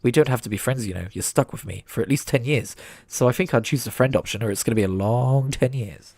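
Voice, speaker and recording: A man's voice: medium pitch, fast, a little mellow, dry recording, close to an everyday voice. A man reading aloud the lines of a bossy, easily irritated male vampire mentor in his own plain voice.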